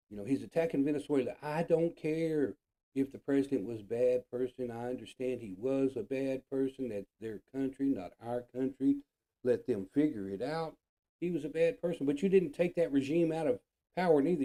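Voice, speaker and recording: A man from the United States with a very dark, mellow voice at an ordinary pitch rants about politics on his own show. He is blunt, frustrated and heavily profane, and he hammers his points home by repeating them. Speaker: show host. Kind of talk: political rant monologue.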